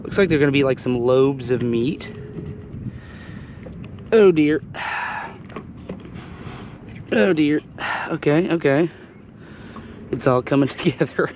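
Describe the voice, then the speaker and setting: A man hosting a fishing vlog, talking casually while he cleans and cooks fish, hoarse as he loses his voice. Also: mid-range voice, normal speed, lo-fi sound, slight background noise. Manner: chatty, exclaims often. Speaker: fishing channel host. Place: outdoors on a boat.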